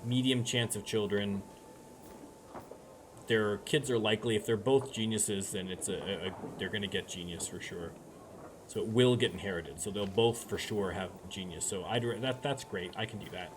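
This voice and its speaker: A man with a lowish voice gives casual commentary while he plays a strategy game. He muses aloud and often starts sentences over. There is clear noise behind him in the recording. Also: normal speed. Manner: musing aloud, chatty with frequent restarts. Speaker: let's play streamer. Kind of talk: gameplay commentary.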